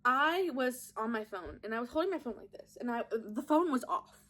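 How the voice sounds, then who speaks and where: A woman's voice: a little high, animated, normal speed, a bit bright. Chatty giggly young woman vlogging. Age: young adult. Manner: chatty, giggly, self-mocking storytelling. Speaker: podcast host. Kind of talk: casual makeup vlog chat. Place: at home, at a makeup mirror. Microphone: phone camera propped up.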